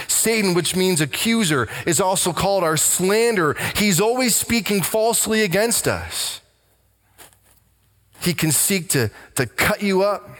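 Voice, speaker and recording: Preacher, male, slightly higher voice, emphatic sermon delivery with weighty low drops, long hall reverb. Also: a bit bright. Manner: emphatic, slows down and drops low to stress lines. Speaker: pastor.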